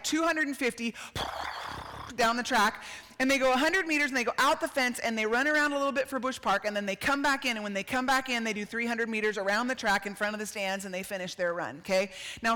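Animated, bright-voiced woman preacher. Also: fairly high pitch, big-room sound. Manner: animated, acts out quotes, laughs and shouts. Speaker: speaker at a church gathering. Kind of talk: storytelling sermon.

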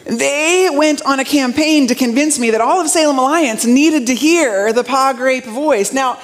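A middle-aged woman preaches to her congregation, speaking in a fairly high voice. Her tone is conversational and direct, as if chatting with friends from the pulpit. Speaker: pastor. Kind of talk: sermon.

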